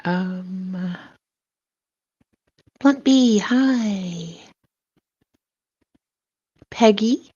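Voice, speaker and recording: A woman's voice: mid-range voice, drawn-out words, pauses often, dark tone, husky, no echo. An older woman hosting a livestream, greeting viewers one by one and calling them sweetheart and baby. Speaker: livestream host. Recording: dull lo-fi sound.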